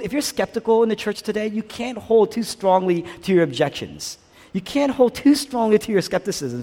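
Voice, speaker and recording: A male pastor preaching a sermon, repeating phrases for emphasis and dropping to a hushed near-whisper at times. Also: sits high. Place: church hall. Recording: long reverb of a large hall.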